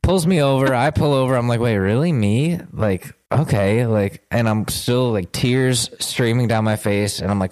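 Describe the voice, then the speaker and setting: A man's voice: on the low side, normal speed, a little mellow. A young man co-hosting a podcast, telling a long story in casual chat, swearing and laughing as he goes. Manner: rambling, swearing storyteller who laughs through his own stories. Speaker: podcast co-host.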